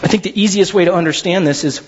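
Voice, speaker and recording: Animated, high-voiced male pastor preaching. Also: highs cut off, slight background noise. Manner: animated, swings from high excited asides to low slow emphasis; stammers and repeats words when excited. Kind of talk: sermon.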